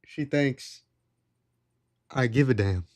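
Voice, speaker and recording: A man's voice: mid-range voice, slow, a little mellow, no echo, studio quality. A young man streaming live, casually telling a story in a sarcastic, exasperated, slangy way. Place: home streaming setup.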